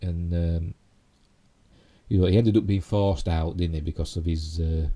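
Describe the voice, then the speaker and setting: His voice is low and warm, with fairly even intonation and an unhurried pace. He's a man from Yorkshire, England with a Yorkshire accent, casually hosting a live stream and rambling through geek news with plenty of "you know" and tag questions.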